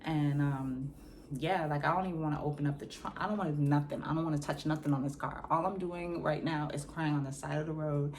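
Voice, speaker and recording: Low-voiced woman telling a dramatic story. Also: brisk, a little hiss or hum. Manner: animated, dramatic, slangy storytelling; acts out scenes with sound effects. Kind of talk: casual storytime.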